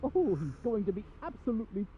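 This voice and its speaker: A man's voice: sits high, big pitch swings, fast talker, warm tone, husky, voice pushed up, exaggerated voice. A man voicing a gleeful, petty male tailor with a sly, gloating manner. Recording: tinny, phone-like, faint noise.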